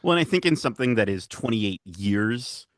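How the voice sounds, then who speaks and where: A man with a lowish voice chats casually as a podcast guest, rambling through his points with plenty of energy. He laughs easily, and his voice sounds close and dry. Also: moderate pace, no echo. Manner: rambling and excitable, laughs often.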